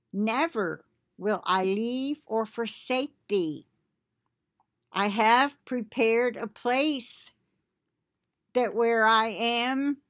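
A woman reads a prophetic message to fellow believers at a very slow, solemn pace. Her voice sits a little high, and each phrase is weighed with quiet devotion. The sound is dry and close to the mic. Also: no room sound. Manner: slow, deliberate, devout reading with casual asides. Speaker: online Christian channel host.

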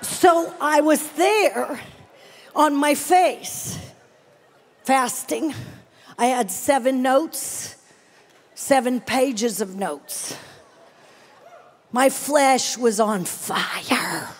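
A middle-aged woman preaching a sermon at a large live conference, telling a self-mocking story with animated bursts and prayer in tongues. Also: high voice, very slow, pauses often. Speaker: conference speaker.

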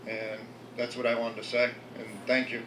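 A man's voice: mid-range voice, completely flat delivery, moderate pace. A man running for local office, giving an unprepared, earnest speech to a meeting and often stumbling over repeated words. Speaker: local political candidate. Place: restaurant meeting room. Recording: echoey room with background noise.

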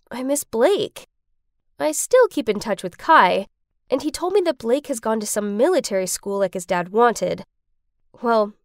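Young woman narrator, slow and lively delivery, dry close recording. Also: on the high side, no room sound. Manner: emotional first-person telling. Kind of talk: storytelling narration.

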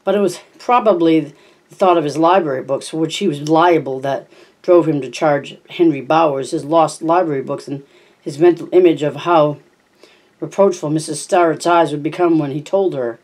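Mellow, stumbling audiobook reader. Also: mid-range voice, moderate pace. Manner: frequent stumbles and self-corrections. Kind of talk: reading a novel aloud.

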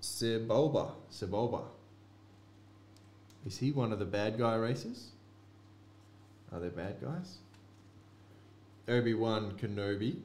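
A man's voice: fairly low pitch, measured pace, long pauses, a little mellow. A man hosting a card break, chatting offhandedly to viewers as he opens packs. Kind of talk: casual card-break commentary. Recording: echoey room with faint noise.

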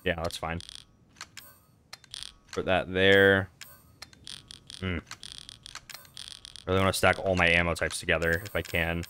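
A man's voice: deep voice, level tone, unhurried, pauses often, bright, forceful tone, a little hiss or hum. A man commentating on his video game playthrough in a casual, profane way, talking to himself as he plays. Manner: casual, profane, talks to himself while playing. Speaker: gaming channel host. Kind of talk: let's play commentary.

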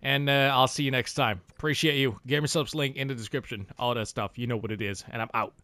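A man giving let's-play commentary as a gaming YouTuber, excitable, swearing and yelling at the game. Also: medium pitch, fast talker, no room sound.

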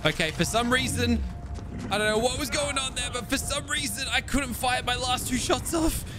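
A young man hosting a gaming channel, giving excitable live gameplay commentary and talking straight to his viewers. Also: extremely high pitch, normal speed, music in the background. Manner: excitable, exclaims often, talks to viewers.

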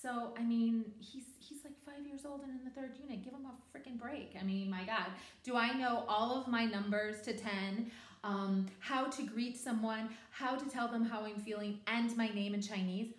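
In a slightly high voice at normal speed, a female online English teacher describes her lessons in a casual vlog. She is lively and talkative, exaggerating her enunciation for the student, and the echo of her home teaching room is audible.

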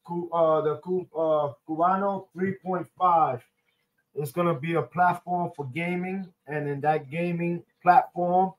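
Young New York man, slightly higher voice, casual streamer chatter full of slang and filler. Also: steady tone, unhurried, low-quality recording. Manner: slangy, loose, many ums and restarts. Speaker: streamer host. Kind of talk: casual chat.

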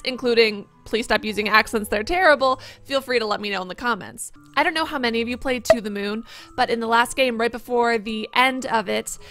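A playful woman with a high, bright voice talks casually through a video game and jokes as she plays. Soft game music runs quietly underneath. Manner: playful, jokey, quick to exclaim. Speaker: let's play host. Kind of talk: casual gameplay commentary.

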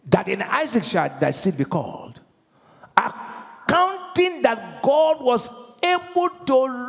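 A man with a Nigerian accent preaching a sermon as pastor, animated and using call-and-response with his congregation. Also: high voice. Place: large church auditorium. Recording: husky voice in a reverberant church hall.

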